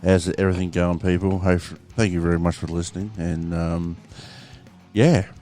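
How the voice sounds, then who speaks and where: A man's voice: low voice, little pitch movement, normal speed, dark tone, faint music behind. A man with an Australian accent co-hosting a podcast, laid-back and sweary, laughing often. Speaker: podcast co-host. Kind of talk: casual crude banter.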